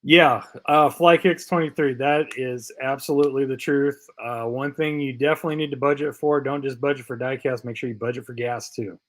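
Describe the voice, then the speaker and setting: Man, live-stream host, tired, rambling, filler-heavy, casual, mid-pitched. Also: steady tone, brisk, hardly any pauses. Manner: loose and rambling, with fillers and repeated phrases; puts on a Canadian accent as a joke. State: tired and short on sleep. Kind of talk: casual live-stream chat reading viewer comments.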